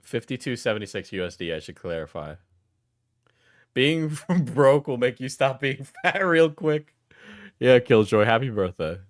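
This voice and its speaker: Man streamer, slow chuckling reaction talk, dry close sound, mid pitch. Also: very animated, dry recording. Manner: laughs often, halting restarts. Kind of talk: casual reaction stream commentary.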